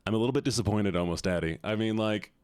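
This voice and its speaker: A man's voice: fairly low pitch, quick pace, a little mellow, clean tone, no echo, studio quality. A man streaming live, reacting to viewer submissions in casual chat, often sighing, swearing and repeating himself in exasperation.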